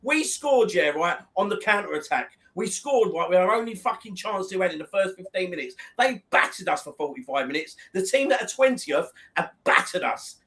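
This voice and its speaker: A man's voice: sits high, very animated, moderate pace, few pauses, fairly bright tone. A man, angrily ranting and swearing about his football team on a live watchalong. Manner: heated, sweary, repetitive ranting. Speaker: football fan co-host. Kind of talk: angry live match watchalong rant.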